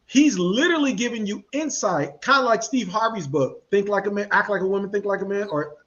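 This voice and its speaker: A man hosting a podcast, talking in a casual, animated and slangy way and acting out the people he quotes. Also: sits high, brisk, dull audio, a little hiss or hum. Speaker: podcast host. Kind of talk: casual commentary chat.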